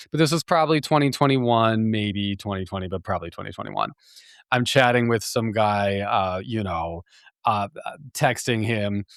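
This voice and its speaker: Casual man on a podcast, kinda low voice, rambling animated story with lots of laughs and ums, dead dry sound. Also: dry recording. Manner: chatty, animated, laughs often, many fillers and restarts. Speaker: podcast host.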